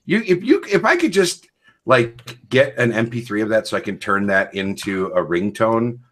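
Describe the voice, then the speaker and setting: A man hosts a relaxed podcast chat. He jokes freely and teases the group with playful energy. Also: on the low side, normal speed. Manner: playful, joking, animated. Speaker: podcast host.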